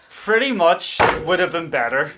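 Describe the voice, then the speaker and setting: A man in his thirties, co-hosting a podcast and telling animated stories with frequent laughter. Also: high-pitched, very noisy. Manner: animated storyteller who laughs often. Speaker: podcast co-host. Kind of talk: casual chat.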